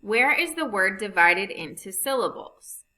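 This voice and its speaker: A woman teaching a phonics lesson over slides, reading rules and example sentences slowly and deliberately. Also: medium pitch, very animated, sharp tone, a little hiss or hum, rough recording.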